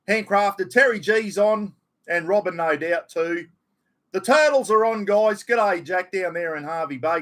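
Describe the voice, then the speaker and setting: A man's voice: high-pitched, fairly bright tone. Chatty Australian man hosting a livestream. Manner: chatty, greets viewers by name, drops mild swearing. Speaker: livestream host. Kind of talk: casual livestream chat.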